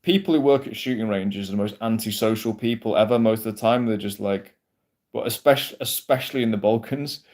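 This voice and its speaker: A man's voice: fairly low pitch, fairly quick, darkish tone. A man chatting casually on a livestream, rambling, swearing freely and answering comments from his chat. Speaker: livestream host.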